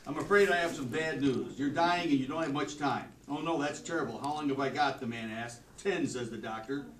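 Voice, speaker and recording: A man's voice: on the high side, brisk, fairly bright tone. A man teaching a class, reading doctor jokes aloud in a dry, matter-of-fact delivery. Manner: dry joke delivery, flares up scolding students. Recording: echoey classroom from far off.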